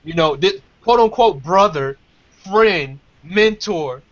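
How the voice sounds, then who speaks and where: A man's voice: sits high, lively intonation, slow. A man telling a story in casual talk, emphatic and repeating his phrases. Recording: dull lo-fi sound.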